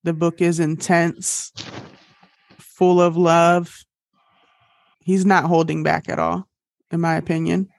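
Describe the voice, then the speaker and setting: A woman's voice: lowish voice, level tone, takes it slowly, creaky, long pauses, a little mellow, no echo. Bubbly woman podcast host, dry sound. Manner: bubbly, laughs at own jokes. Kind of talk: casual podcast chat.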